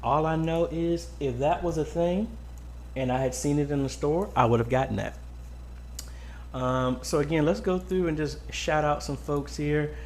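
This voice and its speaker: A man's voice: fairly high pitch, fairly even intonation, moderate pace, a little mellow, slight background noise. A man hosting a casual weekly live-stream Q&A from a home studio, greeting viewers by name with lots of ums. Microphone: boom-arm mic close up.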